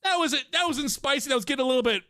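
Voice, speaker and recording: A young adult man streaming live, chatting to his viewers in an animated, jokey and self-mocking way, laughing often between script reads. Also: extremely high pitch, very fast. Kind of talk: casual live-stream chat while reading voice scripts.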